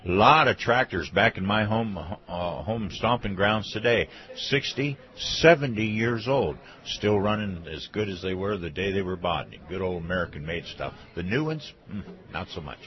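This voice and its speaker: Deep-voiced folksy radio host. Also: male voice, moderate pace, few pauses. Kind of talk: casual radio interview talk. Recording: dull lo-fi radio audio.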